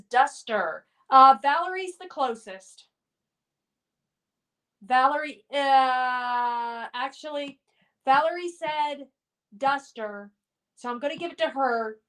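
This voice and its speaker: High-voiced woman hosting a live stream, slow-paced. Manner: reads viewer comments aloud, chatty and upbeat. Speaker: livestream host. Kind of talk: casual chat reading live comments.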